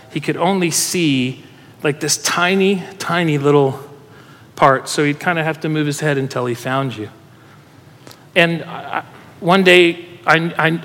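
A man preaching a sermon, telling a personal story in an animated way, laughing and getting emotional as he goes. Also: a little high. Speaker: pastor. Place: church hall with audience. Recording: reverberant hall.

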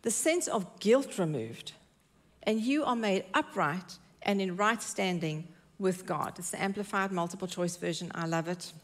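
A woman's voice: lowish voice, unhurried. A woman preaching a sermon in church, earnest and emphatic, repeating her key phrases.

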